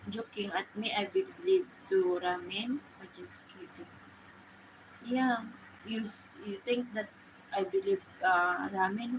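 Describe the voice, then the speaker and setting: A woman chats with her live-stream viewers at a slow, unhurried pace. Her English is halting and full of restarts. Traffic and vehicle noise sit clearly behind her voice. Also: on the high side. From Philippines. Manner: rambling, halting non-native English with many restarts. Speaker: livestream host. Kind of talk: casual chat with viewers.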